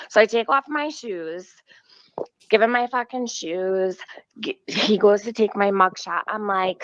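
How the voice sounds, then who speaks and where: A woman's voice: mid-range voice, unhurried, no echo. Swearing woman telling a story, dull clip. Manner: animated, profane, acts out quotes.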